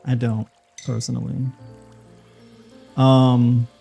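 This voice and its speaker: A man's voice: medium pitch, little pitch movement, slow pace, gravelly, mellow, husky, soft background music. A man with a New York accent, a nutritionist host, chatting casually while he cooks and adds lots of "right?" and "you know". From New York City. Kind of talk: casual cooking talk.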